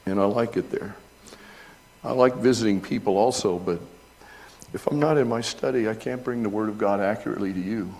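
A middle-aged male pastor preaching a sermon, reading from an old essay and rising to loud, high emphasis when retelling scenes. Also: brisk, big-room sound. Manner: reads aloud from an old essay between remarks.

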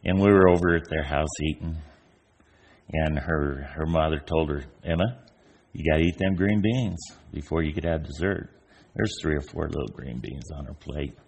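Folksy older man preaching, very deep. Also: normal speed, vocal fry, darkish tone, breathy edge. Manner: folksy storyteller, acts out imagined voices. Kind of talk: informal sermon.

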